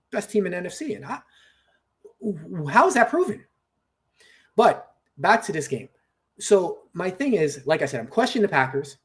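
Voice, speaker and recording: A man co-hosting a podcast, chatting casually about football betting, thoughtful and hedging. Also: fairly high pitch. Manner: thoughtful, hedging, laughs at own jokes. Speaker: podcast co-host. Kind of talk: casual sports betting chat.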